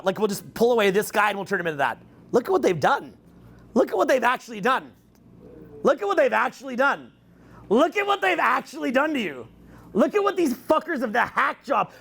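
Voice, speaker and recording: A man in his forties giving a crude, joking talk on stage to a live audience, rambling fast and breaking into mock voices and shouts. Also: very high voice, big pitch swings, vocal fry, husky. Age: 40s. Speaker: dating coach speaking to a live audience. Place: event hall with an audience.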